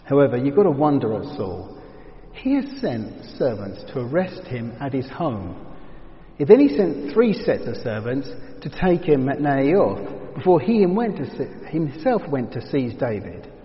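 A man's voice: mid-range voice, sing-song, unhurried. Man teaching scripture in a reverberant hall. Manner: reflective, drops to a hushed tone for emphasis. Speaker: Bible teacher. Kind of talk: verse-by-verse Bible teaching. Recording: dull reverberant hall sound.

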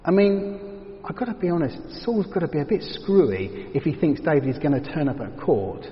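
A man teaching verse by verse through a Bible passage, reflective and explanatory, often dropping to a hushed tone for emphasis. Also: a little high, very animated, moderate pace. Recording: dull reverberant hall sound.

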